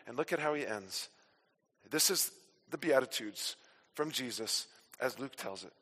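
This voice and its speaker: A man preaching a sermon from the pulpit, emphatic and forceful, then dropping to quiet asides. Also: medium pitch, animated, unhurried, long pauses, breathy edge. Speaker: pastor. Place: church sanctuary. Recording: long reverb of a church hall.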